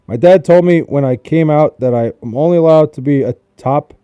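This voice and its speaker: A man's voice: a little high, brisk, mellow, clean tone, lo-fi sound. Tired, profane young man streaming live. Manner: loose, profane, joking banter with chat. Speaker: livestreamer. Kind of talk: casual live-stream chat. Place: at home in Wisconsin.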